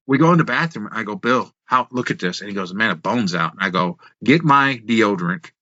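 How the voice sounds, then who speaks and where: A man, a former wrestler, telling road stories in an animated way on a podcast, full of restarts and quoted dialogue. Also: mid-range voice, dry recording, lo-fi sound. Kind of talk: casual storytelling in a podcast interview.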